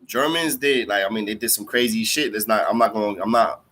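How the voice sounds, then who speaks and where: A man's voice: fairly low pitch, brisk, a bit bright. A man hosting a livestream, telling a story in casual street slang, cursing freely, repeating lines for emphasis and calling listeners bro and twin. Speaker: livestream host talking to viewers.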